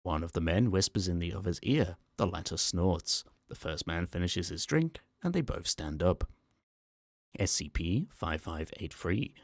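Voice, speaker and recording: Deep, slow-reading calm male narrator. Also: dry recording, clean studio sound. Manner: calm, measured, matter-of-fact. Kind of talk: ASMR story reading.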